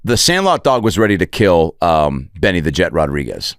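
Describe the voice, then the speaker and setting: A male comedian rambles through a crude, digressive story, his lowish voice jumping up and down. He sounds close and dry on a studio podcast mic. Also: moderate pace, dry recording, soft background music. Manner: profane, digressive, animated. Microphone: podcast studio microphone.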